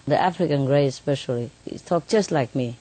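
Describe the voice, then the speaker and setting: A woman's voice: extremely low pitch, fairly quick, mellow, dry recording. A woman telling stories about her birds in a casual interview, chatty, laughing often and tagging lines with "you know". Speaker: bird keeper telling stories.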